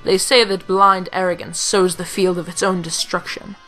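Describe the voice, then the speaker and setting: A woman's voice: lowish voice, flat delivery, moderate pace, a bit bright, soft background music, natural voice, poor audio. A woman reading a haughty, cruel female general from a game, with theatrical gloating laughter. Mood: scornful.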